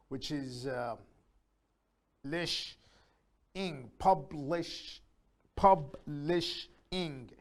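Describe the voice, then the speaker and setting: A man with a slightly raised pitch teaches beginners English. He talks them through each rule step by step, with the odd filler, and slowly says every example word several times so they can copy it. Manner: slow, repeats words aloud to model pronunciation; patient, explains step by step with fillers.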